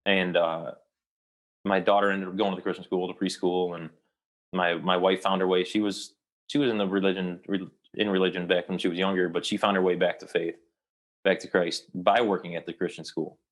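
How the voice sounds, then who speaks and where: Young actor, deep voice, loose rambling delivery, interview guest. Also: male voice, flat delivery. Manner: rambling, with many restarts and pauses. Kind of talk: casual storytelling interview.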